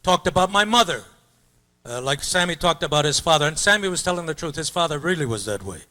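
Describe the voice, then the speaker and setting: A man's voice: a little high, animated, quick pace, pushed and bright. An older man, a comedian, telling rambling stand-up stories in an auditorium. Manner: loose, rambling storyteller slipping into mock-opera singing and funny voices. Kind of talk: stand-up storytelling. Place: high school auditorium.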